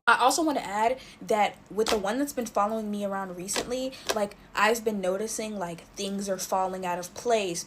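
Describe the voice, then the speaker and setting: A woman's voice: medium pitch, noisy background. A woman chatting straight to her viewers, telling a scary story while she makes slime. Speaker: storytime vlogger.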